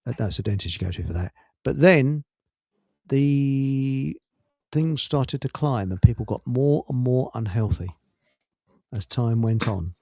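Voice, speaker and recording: A man's voice: mid-range voice, lively intonation, a little slow, darkish tone, no echo. A man hosting a casual talk show, rambling through stories, laughing often and restarting his sentences. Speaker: radio show host. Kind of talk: casual chat with anecdotes.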